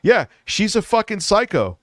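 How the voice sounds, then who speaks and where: A man's voice: high-pitched, big pitch swings, normal speed, a bit bright, no echo. Swearing streamer man, dry sound. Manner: crude, swearing, rambling. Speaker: livestream host. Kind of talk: casual live stream talk.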